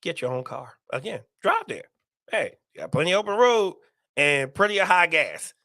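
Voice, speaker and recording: A man's voice: fairly high pitch, big pitch swings, normal speed, pushed and bright, no echo, clean studio sound. A man hosting a casual live stream, talking to viewers and reading their comments aloud, repeating himself often. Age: adult, parent.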